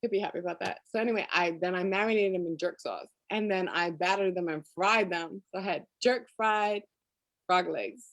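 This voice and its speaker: A woman's voice: on the low side, fairly quick, a bit bright, no room sound. Chatty woman telling food stories. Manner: chatty storyteller, laughs often. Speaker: interview guest. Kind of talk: casual chat. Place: lives in Florida.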